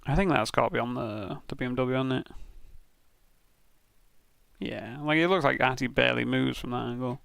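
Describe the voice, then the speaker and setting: A man's voice: medium pitch, steady tone, moderate pace, creaky, long pauses, a bit bright, smooth, no echo. A British man streaming, giving casual, sweary commentary with frequent laughs as he reviews racing crash clips. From Britain.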